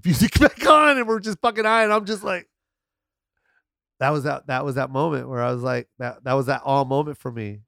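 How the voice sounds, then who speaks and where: A man telling animated, swearing stories as a guest in a casual podcast chat. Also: medium pitch, brisk, gravelly, no echo, studio quality. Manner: animated storyteller, swearing freely.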